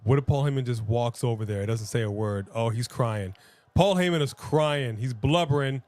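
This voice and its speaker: A man co-hosting a wrestling watch-along, giving excited live reaction commentary with animated exclamations. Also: mid-range voice, moderate pace.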